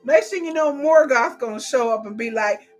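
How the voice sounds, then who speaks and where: A woman streamer reacting in casual, animated chat, profane and laughing often. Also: high-pitched, moderate pace, soft background music. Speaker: streamer hosting a live watch.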